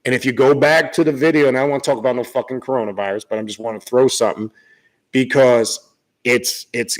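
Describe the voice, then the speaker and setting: A man's voice: mid-range voice, poor audio. A man hosting his own channel, talking off the cuff in a blunt, profane, rambling way, repeating himself and asking "right?" often. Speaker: occult channel host. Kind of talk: unscripted spiritual talk.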